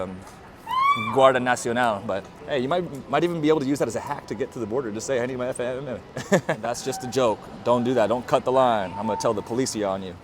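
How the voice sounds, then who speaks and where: A man from the United States talking casually to his vlog camera outdoors at a border crossing, slangy and relaxed, with lots of "bro" and "dude". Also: medium pitch, a little hiss or hum. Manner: slangy and laid-back, peppered with bro and dude. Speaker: vlogger. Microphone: handheld microphone.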